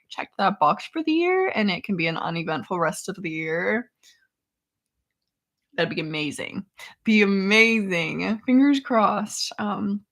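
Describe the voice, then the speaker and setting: Chatty young woman laughing through a live chat. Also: fairly low pitch. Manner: chatty, warm toward viewers, laughs often, trails off with ums. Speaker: chronic illness vlogger hosting a live chat. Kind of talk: casual livestream chat reading comments.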